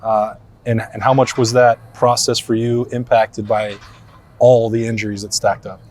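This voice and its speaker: A man's voice: fairly low pitch, flat delivery, moderate pace, a little mellow. A man hosting a sports podcast, upbeat and joking, asking long rambling questions. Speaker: podcast host. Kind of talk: casual sports podcast chat.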